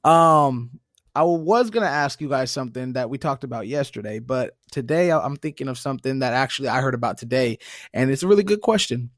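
A man's voice: medium pitch, lively intonation, fairly quick, no echo, studio quality. A man co-hosting a podcast in a laid-back, joking way, posing a question for the group to discuss. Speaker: podcast co-host. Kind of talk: casual chat.

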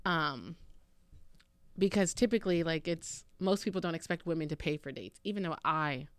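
A frank young woman co-hosting a casual podcast, with a voice a little low for a woman. She talks bluntly and laughs easily. The sound is dry and close to the mic. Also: moderate pace, smooth, no echo. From Pacific Northwest of the US. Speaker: podcast co-host. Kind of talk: casual chat.

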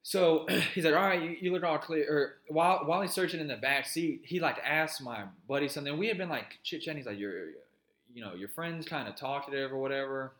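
A man's voice: mid-range voice, animated, a little fast, a bit bright, roomy sound. A man co-hosting a podcast, telling a long story in casual chat, cursing and rambling. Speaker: podcast co-host.

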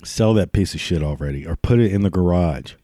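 A man's voice: deep voice, a little fast, mellow, no room sound, studio quality. Man ranting, crude and swearing. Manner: crude, swears constantly, laughs at his own jokes. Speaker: ranting commentator. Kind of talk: profane comedic rant.

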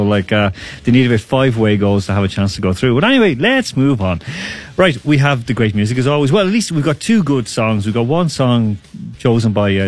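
Male radio sports host, mid pitch, casual rambling banter in the studio. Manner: rambling, jokey, full of fillers and restarts.

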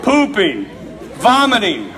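Man, preacher, humorous sermon, bright high voice, faint audience noise behind. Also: takes it slowly, some chatter behind. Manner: animated, laughs through his story.

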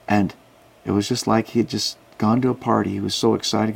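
A man guest in a casual interview, telling animated stories and acting out the people he quotes. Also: fairly low pitch, fast, vocal fry, slightly rough. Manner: animated anecdotes, acts out quoted voices. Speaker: guest, Christian outreach worker. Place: Salt Lake City.

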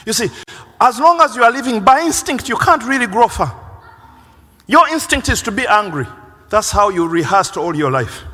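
A man preaching a sermon as pastor, animated, acting out the voices of people he quotes. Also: sits high, normal speed. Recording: long reverb of a large hall.

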